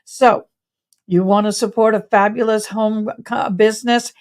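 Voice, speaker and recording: Bubbly, slow-talking woman host. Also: medium pitch, steady tone. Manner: bubbly and effusive, calls viewers y'all. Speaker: host of a legal news channel. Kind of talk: casual livestream chat.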